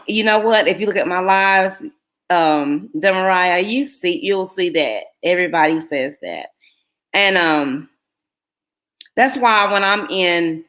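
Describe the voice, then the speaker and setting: A woman's voice: lowish voice, a bit bright. Chatty woman on a live stream. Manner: chatty, rambling storytelling with many fillers. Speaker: YouTuber hosting a live stream. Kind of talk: casual live-stream chat with viewers.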